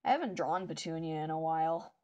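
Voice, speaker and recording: A woman's voice: sits low, quick pace, darkish tone, highs cut off. A woman vlogger chatting casually while she draws. She rambles and uses many fillers. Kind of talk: casual chat while drawing.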